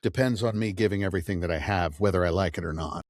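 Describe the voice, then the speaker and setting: A man's voice: sits low, quick pace, no room sound, studio quality. A middle-aged man, an audiobook narrator, talking casually in an interview and telling stories animatedly. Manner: animated storyteller, acts out quoted dialogue.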